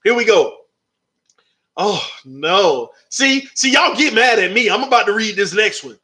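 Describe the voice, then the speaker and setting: Animated high-voiced man hosting a sports stream. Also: a little slow. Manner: animated, talks back to chat readers. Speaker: sports channel host. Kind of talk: live stream sports commentary.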